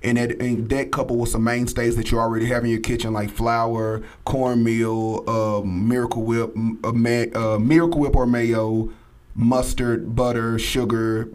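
As a guest cook on a talk show, a man casually runs through a recipe on radio, listing ingredients and prices with plenty of ums in a relaxed manner. His voice is mid-range at normal speed.

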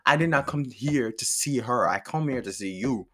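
A man spinning a personal story in loose, casual chat. His voice sits at an ordinary middle pitch, and he talks in an animated, profane way that swings between exasperation and amusement. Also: moderate pace, few pauses. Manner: animated, profane, laughs often.

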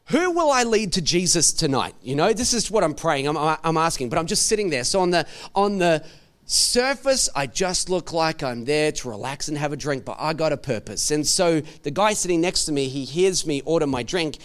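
High-voiced Australian pastor preaching. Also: male voice, normal speed. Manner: animated, repeats words while telling a story. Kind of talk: storytelling sermon.

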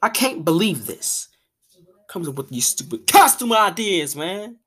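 A young woman hosting a podcast, ranting casually in an exasperated, animated way, full of restarts and fillers. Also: on the low side, measured pace, slightly rough. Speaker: podcast host.

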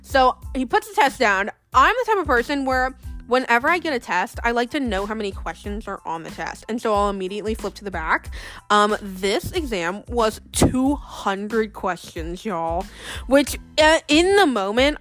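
A woman's voice: a little high, expressive, normal speed, fairly bright tone, faint music behind. Chatty young woman with a lilt. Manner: chatty, laughs often, many fillers. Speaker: vlogger. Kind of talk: casual storytelling.

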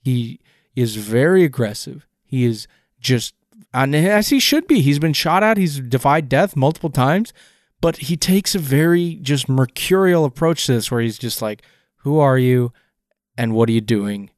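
A man's voice: a little high, animated, normal speed, no room sound, clean studio sound. A man co-hosting a casual podcast, picking apart a film scene with enthusiastic, rambling analysis and frequent restarts. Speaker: podcast co-host.

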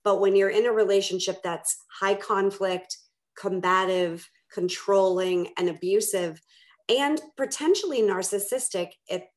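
A woman hosting a conversational interview, asking questions in a reflective, measured way. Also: medium pitch. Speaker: host.

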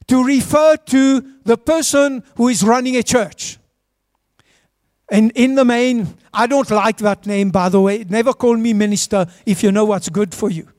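A pastor with a very high-pitched voice preaches a sermon in church, urging the congregation to answer back. The recording is dry and of studio quality.

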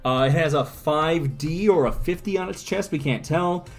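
A man's voice: on the high side, normal speed, soft background music. Man casually narrating comic panels. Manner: describes panels, reads lines, swears casually. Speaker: podcast co-host. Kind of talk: casual chat reading comics aloud.

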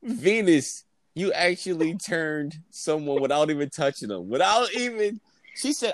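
A man's voice: fairly high pitch, big pitch swings, a little slow. A man from the Northeast co-hosting a casual podcast, exasperated and swearing as he jokes around. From Northeastern United States. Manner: exasperated, profane, joking. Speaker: podcast co-host.

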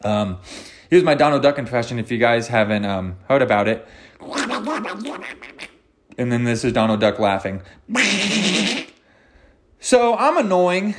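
A man's voice: medium pitch, expressive, normal speed, pauses often. A man hosting his own podcast, rambling off the cuff with jokes, swearing and self-mocking asides. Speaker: podcast host. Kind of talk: unscripted solo podcast ramble.

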